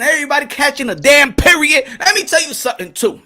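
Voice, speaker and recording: A man's voice: very high voice, lively intonation, fast talker, few pauses, pushed and bright. A man hosting a casual boxing livestream, rambling and cussing, laughing and repeating himself as he talks to the chat. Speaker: boxing channel host.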